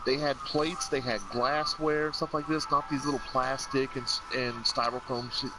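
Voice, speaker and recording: Rambling man over loud background noise. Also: mid-range voice, level tone, moderate pace. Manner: rambling storyteller, repeats "I'm like". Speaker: let's play host. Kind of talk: casual gameplay chat.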